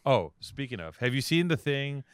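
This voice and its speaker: A man's voice: mid-range voice, very animated, moderate pace, clear, resonant tone, no echo, studio quality. A man co-hosting a casual podcast, bantering in a loose, joking and profane way. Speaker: podcast co-host. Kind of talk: casual chat.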